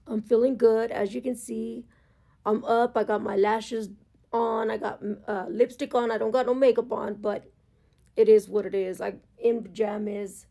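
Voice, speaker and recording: A woman's voice: fairly high pitch, flat delivery, moderate pace, gravelly, dark tone. A woman vlogger telling her story at home in a casual, candid, earnest way, swearing freely. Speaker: motorcycle vlogger. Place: at home, in pajamas.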